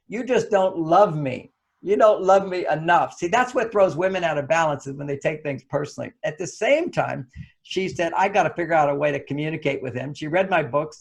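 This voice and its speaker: Male guest author, high-pitched, animated storyteller giving relationship advice. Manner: animated, acts out quoted lines. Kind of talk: anecdotal advice talk.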